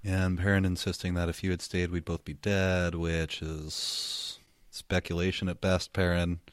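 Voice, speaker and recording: A man co-hosting a podcast in casual chat about a novel, wry and quick to laugh. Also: deep voice, level tone, clear, resonant tone, no echo, clean studio sound. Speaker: podcast co-host. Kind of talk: casual book discussion.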